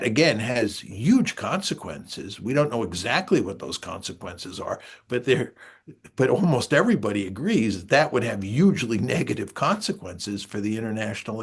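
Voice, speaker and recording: An older man, answering interview questions in a measured, emphatic lecturing way, with frequent filler sounds. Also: mid-range voice, vocal fry, slightly rough. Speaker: guest political scientist.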